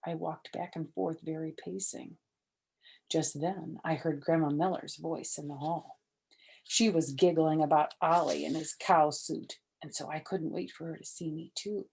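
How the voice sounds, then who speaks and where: Older grandma reading a kids' chapter book, low-ish husky voice, goes soft and hushed sometimes. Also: female voice, unhurried. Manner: animated, soft and hushed in quiet parts. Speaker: storyteller reading a children's book. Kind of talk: expressive children's book read-aloud.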